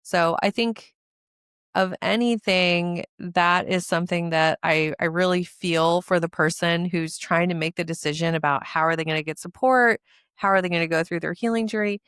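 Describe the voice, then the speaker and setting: A woman in her thirties hosts her own show, talking with earnest feeling and doubling her words for emphasis. Her voice sits a little low and sounds smooth and clear. The sound is dry and close, with no room around it. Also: steady tone, moderate pace, a bit bright, no room sound. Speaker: podcast host and coach. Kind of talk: heartfelt promotional monologue.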